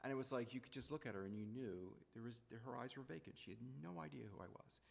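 A man telling a personal story in a reflective, halting way, repeating phrases as he goes. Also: medium pitch, animated, gravelly, long reverb tail.

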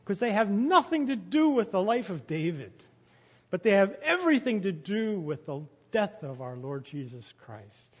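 High-voiced preacher in an echoing hall. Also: male voice, sing-song, normal speed, husky. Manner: swings from quiet to loud when quoting. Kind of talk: sermon. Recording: dull sound with long reverb of a hall.

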